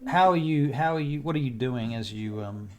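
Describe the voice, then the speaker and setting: A man narrating as game master in a tabletop role-play, pausing often with ums. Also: medium pitch, noisy background. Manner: hesitant, many ums.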